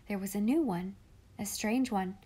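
A woman narrating a classic children's novel in a calm, measured, expressive reading voice. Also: mid-range voice, husky. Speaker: audiobook reader. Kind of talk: storybook narration.

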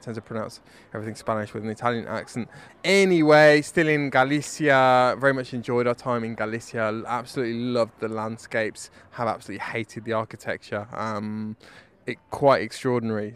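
A man's voice: mid-range voice, a bit bright, clear, resonant tone. Wry man filing a dispatch. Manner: wry, rambling, self-mocking. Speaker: correspondent. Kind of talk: spoken dispatch.

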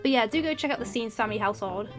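A woman's voice: a little high, rapid-fire. A young woman hosting a gaming video, chatting casually and hesitantly with fillers as she sums up the session. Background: faint background music.

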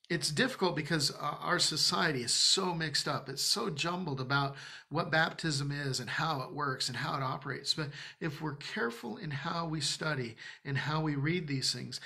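A man preaching in a church with a gravelly edge to a bright, sharp voice, a little higher than most men. He teaches from scripture in an emphatic, conversational manner and breaks off now and then for joking asides. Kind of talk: Bible-study sermon.

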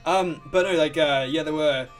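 A young man commentating a game, rambling and excitable, swearing freely. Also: a little high, moderate pace, loud music behind the voice. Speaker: let's play host. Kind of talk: gameplay commentary.

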